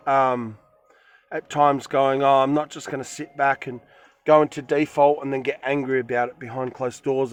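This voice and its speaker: A man vlogging from his van in a forest, retelling a run-in in a rambling, emphatic way. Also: mid-range voice. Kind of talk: casual storytelling to camera.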